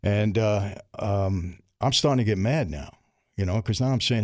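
A man's voice: lowish voice, moderate pace, a little mellow, no room sound. A middle-aged man, a guest in a studio interview, telling his story candidly and acting out the dialogue. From New York. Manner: streetwise, vivid, acts out dialogue.

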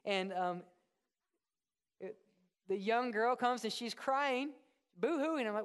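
A man, a pastor, preaching a sermon in an animated way, moving from loud, excited asides to hushed, earnest passages. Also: very high voice, unhurried, pauses often.

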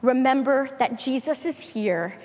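High, slow woman preaching in a hall. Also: expressive, darkish tone. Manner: slow, emphatic preaching with repetition. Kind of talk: sermon.

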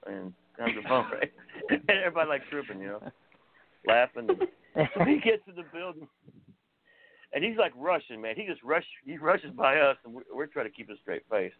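Gravelly man telling a lively story. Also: medium pitch, normal speed. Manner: animated, chuckling between lines. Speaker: guest storyteller. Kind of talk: casual storytelling. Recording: tinny phone-like sound.

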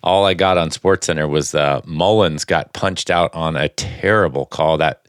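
A man with a very low, smooth voice co-hosts a sports podcast. He talks casually and rambles, circling back with fillers and restarts. The sound is dry and close. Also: moderate pace, dry recording.

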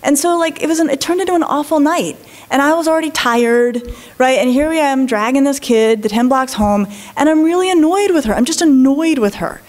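A woman in her forties with a slightly high voice tells a story to a live audience. She is animated and chatty, dropping into quick impressions of the people in her story and breaking off for asides. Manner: animated, acts out quoted voices, many asides. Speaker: child psychologist and speaker.

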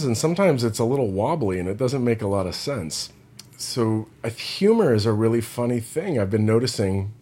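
Laid-back man with a low voice. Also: darkish tone, a little hiss or hum. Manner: loose and meandering, heavy use of "like". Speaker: indie rock singer and vlogger. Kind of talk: casual rambling vlog chat.

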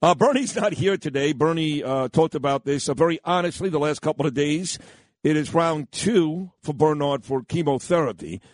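A man's voice: a little high, normal speed, no room sound. A man hosting a morning radio show, brash, rambling and self-mocking as he runs through the lineup. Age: 50s. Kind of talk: morning talk radio banter. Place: radio studio. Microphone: close studio mic.

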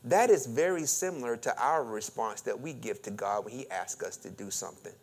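A man preaching a sermon as pastor, drawing the congregation into call and response and acting out quoted questions with a rising lilt, swinging between loud emphasis and quiet asides. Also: mid-range voice, a little fast.

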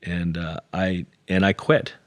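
Middle-aged guy with a very low voice telling his story, earnest, pokes fun at himself, dry close sound. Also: level tone, slow, no room sound. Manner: earnest, self-deprecating, quotes others in dialogue. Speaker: interview guest. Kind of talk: conversational storytelling.

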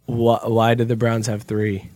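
A man's voice: mid-range voice, monotone, unhurried, a little mellow, dry recording. A man hosting a sports podcast over a remote call, bossy and teasing with his co-hosts. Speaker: podcast host. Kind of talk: casual sports chat. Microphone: remote call mic.

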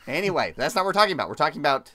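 A man's voice: a little high, very animated, racing, sharp tone. A man hosting a casual podcast chat, upbeat and leading the discussion. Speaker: podcast host.

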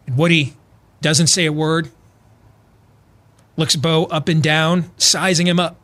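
A man co-hosting a political talk radio show, telling a story with acted-out quotes and building to loud, emphatic points. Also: a little high, flat delivery, takes it slowly.

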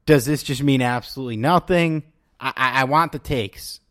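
A man's voice: medium pitch, moderate pace, no room sound, clean studio sound. A man hosting a casual sports podcast, chatting loosely and reading posts aloud to his co-host. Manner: relaxed, reads tweets aloud to his co-host.

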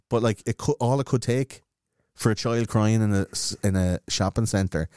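Low-voiced sweary Irish man. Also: normal speed, a little mellow, clear, resonant tone, no room sound, clean studio sound. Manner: blunt, sweary storytelling. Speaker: comedian. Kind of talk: casual podcast chat.

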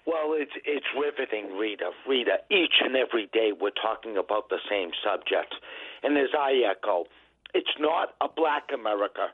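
A man's voice: lowish voice, lively intonation, normal speed, slightly rough, no echo. A man calling in to a radio show over the phone, speaking in an earnest, emphatic way. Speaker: caller. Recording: tinny phone line.

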